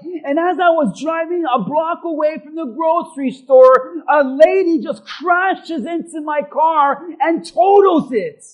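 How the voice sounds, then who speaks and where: A man's voice: very high-pitched, measured pace, poor audio. A man preaching as a pastor, telling a personal story and calling for responses from the congregation. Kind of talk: sermon.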